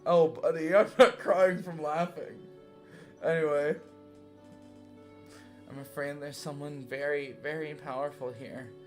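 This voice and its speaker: A young man with a fairly high voice reads fanfiction aloud and comments on it in an exasperated, self-mocking way. He swears freely and laughs often between lines. Faint guitar music plays behind him. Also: fairly even intonation, unhurried, pauses often. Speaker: reader reacting to fanfiction. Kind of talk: comedic fanfiction reading with commentary.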